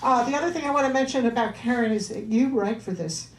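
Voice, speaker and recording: A woman's voice: fairly high pitch, fast talker. A woman minister giving church announcements and a sermon, chatting with the congregation. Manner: chatty, warm asides to congregation. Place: church hall. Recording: roomy hall, voice from far off.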